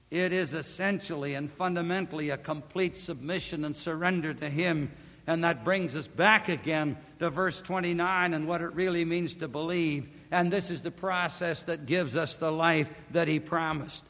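A man's voice: on the high side, normal speed. Man preaching a dramatic sermon in a reverberant hall. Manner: dramatic swings from loud emphatic peaks to hushed near-whispers.

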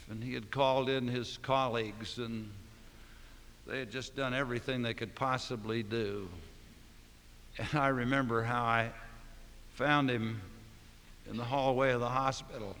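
A male pastor delivers a sermon in a church sanctuary, his voice trailing off into a long hall reverb. He drops to a near hush, then slows and rises to forceful, drawn-out emphasis. His pitch sits in an ordinary middle range. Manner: dramatic swings between soft and loud, slowing for emphasis.

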